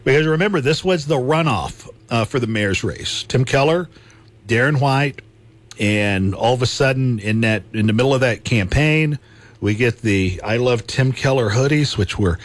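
A man's voice: mid-range voice, expressive, moderate pace. Male talk radio host, casual and chatty, easy laugh. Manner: chatty, laughs easily, repeats himself.

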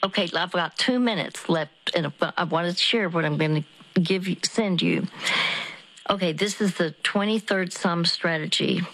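A woman counseling a caller on a call-in radio show, guiding slowly and gently. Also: fairly low pitch, rough recording.

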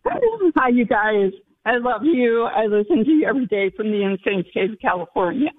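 Radio caller, woman, high bubbly voice, tinny phone line. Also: very animated, normal speed, no room sound. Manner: bubbly, laughing often. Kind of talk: call-in chat.

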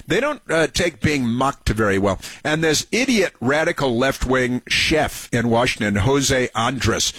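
Male talk radio host, sarcastic and combative, slightly husky voice, dry studio sound. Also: medium pitch, expressive, a little slow, a bit bright, dry recording. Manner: sarcastic, combative, filler-heavy.

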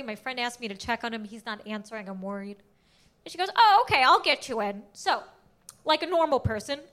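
A woman's voice: on the high side, sharp tone. A young adult woman performing a stand-up comedy routine, telling a story and acting out the quotes.

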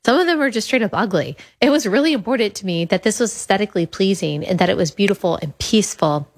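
A woman's voice: medium pitch, expressive, fast. A woman in her thirties hosting a podcast, talking earnestly and enthusiastically, repeating words for emphasis. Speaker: podcast host. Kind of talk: casual monologue about her app.

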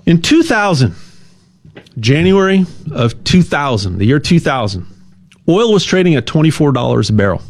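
A man giving a casual, rambling sales pitch, stumbling over repeated words and cracking jokes. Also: very animated, normal speed. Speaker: gold sales ad host.

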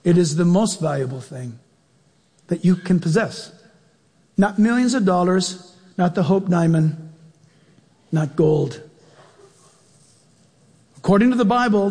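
Animated male preacher, high and husky, long hall reverb. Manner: animated, acts out quotes, questions the audience. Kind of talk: sermon.

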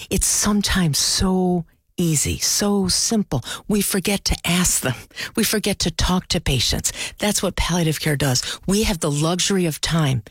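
A woman working in palliative care, talking in an interview and telling stories with lively swings in voice. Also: dry recording, studio quality. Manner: animated, rises high when telling stories. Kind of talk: conversational interview storytelling.

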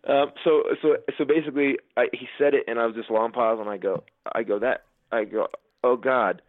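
Fast-talking man on a tinny line. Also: medium pitch, dry recording. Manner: animated storyteller, acts out quotes. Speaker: guest comedian. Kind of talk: casual interview storytelling.

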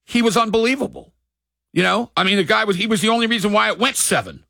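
Excitable high-voiced sports talk man. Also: quick pace, creaky, dry recording. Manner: excitable, shouting and drawling for emphasis.

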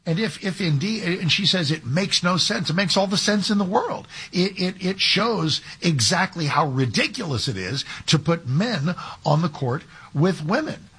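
A fill-in talk radio host, a man with a very husky, grainy voice. He talks casually with sarcastic asides and restarts. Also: high-pitched, animated, moderate pace, fairly bright tone.

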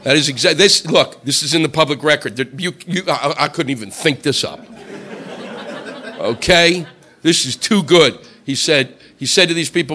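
A man doing a stand-up comedy routine, incredulous and building to loud impressions. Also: on the high side, normal speed.

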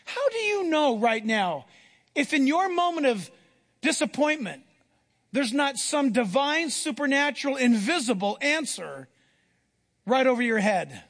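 A man preaching a sermon, telling Bible stories with animated delivery and acting out the characters' voices. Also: very high voice, measured pace. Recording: long hall reverb.

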